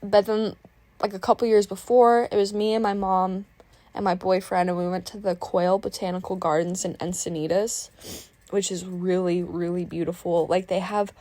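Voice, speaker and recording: A woman's voice: on the low side, flat delivery, normal speed, warm tone, no room sound. Sentimental woman in her twenties, chatty painting voiceover, rambling and self-interrupting, dry close sound. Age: 20s. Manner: openly emotional and sentimental. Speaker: art vlogger narrating a painting video. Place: voice-over recorded apart from the painting footage.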